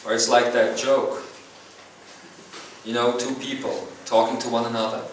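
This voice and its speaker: A man giving a live spiritual seminar talk, earnest and slow, with long pauses between phrases. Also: mid-range voice, flat delivery, slight background noise. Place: seminar hall. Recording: echoey hall recorded from far off.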